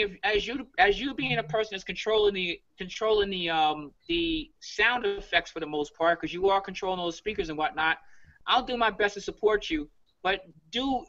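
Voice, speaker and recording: A bright, high-voiced man from New York coaches his team over a dull, lo-fi video call. He talks fast and emphatically and keeps checking in with "all right?". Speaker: leadership coach.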